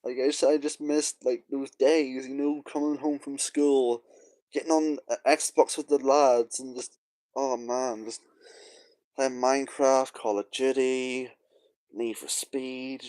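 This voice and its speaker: A man's voice: mid-range voice, little pitch movement, slow, a little mellow, dry recording. A young man talking casually to camera, rambling and wistful, with many fillers and sighs. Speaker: vlogger. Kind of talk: casual nostalgic monologue.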